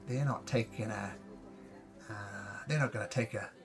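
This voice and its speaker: A man voicing a sneaky adventurer in a tabletop game, talking in a hushed low voice. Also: moderate pace, creaky, over music.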